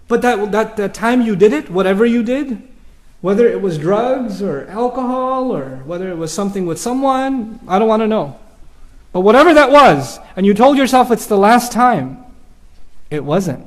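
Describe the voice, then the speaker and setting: A man's voice: very high voice, lively intonation, normal speed. A man giving an earnest, conversational sermon in a mosque, acting out the inner voices of his listeners. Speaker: preacher. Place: mosque hall.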